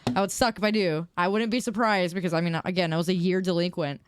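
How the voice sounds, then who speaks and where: A woman's voice: fairly low pitch, steady tone, fast talker, slight background noise. A young woman streamer chatting casually with her viewers, telling a story in a giggly, self-deprecating way.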